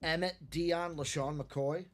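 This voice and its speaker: A man's voice: a little high, fairly even intonation, slow pace. A man hosting a live card break stream, chatting casually and reeling off player names in a jokey, upbeat way.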